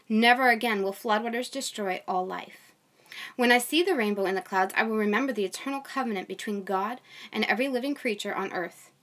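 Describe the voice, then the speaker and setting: A woman's voice: medium pitch, a bit bright. A young woman, a mother, reading scripture aloud and breaking off into casual, chatty commentary with fillers. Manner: reads steadily, then chats with fillers and light laughs. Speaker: Bible reader and host.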